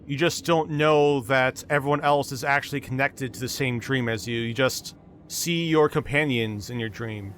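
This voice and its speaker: A man running a tabletop game as game master, narrating scenes in an unhurried, descriptive way. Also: medium pitch, steady tone, fairly bright tone, slight background noise.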